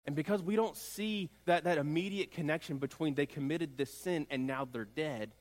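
A man's voice: fairly high pitch, normal speed. A man preaching a sermon as pastor, building emphasis through repeated phrases. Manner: preaching with rising emphatic repetition. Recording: long hall reverb.

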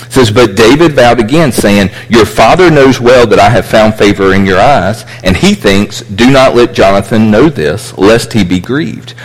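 A man's voice: lowish voice, normal speed, few pauses. A man teaching a sermon, explaining scripture with frequent restarts and asides. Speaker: preacher. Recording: echoey hall with long reverb.

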